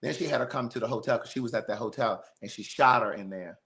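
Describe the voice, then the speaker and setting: A man hosting a podcast, chatting casually with blunt, animated talk and free swearing. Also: mid-range voice, quick pace, creaky. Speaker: podcast host. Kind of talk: casual chat.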